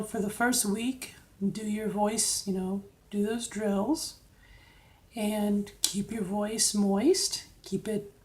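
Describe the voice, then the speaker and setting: A middle-aged woman casually coaching viewers through voice drills, checking in with frequent "okay?"s. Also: medium pitch. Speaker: vlogger giving voice training tips. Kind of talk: casual instructional vlog.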